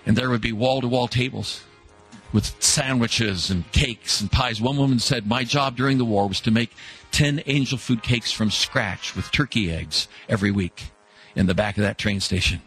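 A man telling an inspirational story in an earnest way, slowing down for emphasis. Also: mid-range voice, a bit bright, faint music behind.

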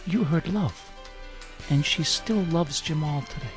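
A man's voice: fairly high pitch, a little slow, music in the background. A man hosting a radio talk show, introducing and questioning his guest in an earnest, emphatic way.

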